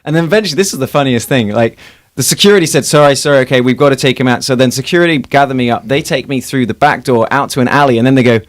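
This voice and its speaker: A man's voice: medium pitch, dry recording. A man in his thirties from England, with an English accent drifted toward American, telling stories as a guest in a radio studio. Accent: English mixed with American. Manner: lively storyteller, quick animated talk. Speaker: TV show host, guest. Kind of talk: radio interview. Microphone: studio microphone.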